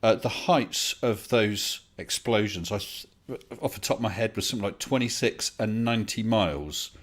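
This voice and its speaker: A man hosts a casual online debate, his voice sitting a little low. He is polite and quick to laugh, with lots of halting restarts as he thinks aloud. It sounds like a home computer mic on a voice call. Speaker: livestream host.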